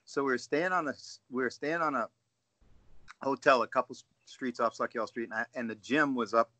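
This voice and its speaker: A man, a guest coach on a casual podcast call, telling animated stories and often asking "right?". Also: mid-range voice, brisk, no echo. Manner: storytelling, animated, says "dude" and "right?".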